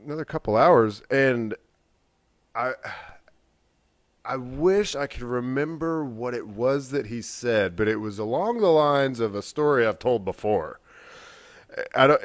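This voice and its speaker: This co-host is a young adult man whose mid-range voice moves at a measured pace in a dry recording. Casually and profanely, he rambles through a long podcast story, bringing its quoted dialogue to life with animation.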